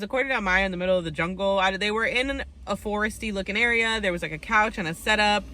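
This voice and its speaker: A young woman talks through a reality dating show episode in a loose, chatty recap. She sprinkles "like" and "um" everywhere and gives her opinion freely. Her voice is bright and forceful. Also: medium pitch. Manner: chatty, full of "like" and "um" fillers; opinionated storytelling. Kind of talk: casual recap chat.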